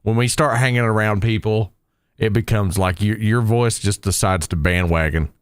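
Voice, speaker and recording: A man chatting casually, hyperactive and quick in his talk. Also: on the low side, clean tone, dry recording. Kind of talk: casual chat.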